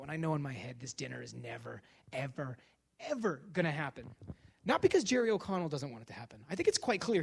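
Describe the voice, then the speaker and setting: A man giving a lecture as a comic story, animated and self-deprecating, acting out the dialogue. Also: on the high side, slight background noise.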